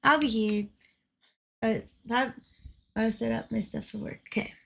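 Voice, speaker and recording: A woman's voice: on the high side, steady tone, moderate pace, vocal fry, fairly bright tone. A woman livestreaming in a casual, playful way, giggling and swearing now and then as she chats.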